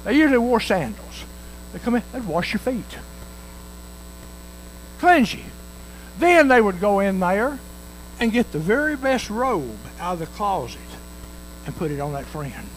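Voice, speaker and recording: Lively folksy preacher man, high voice. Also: a little slow, long pauses, a little hiss or hum, rough recording. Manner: folksy preaching, acting out the parable's dialogue. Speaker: pastor. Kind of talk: sermon.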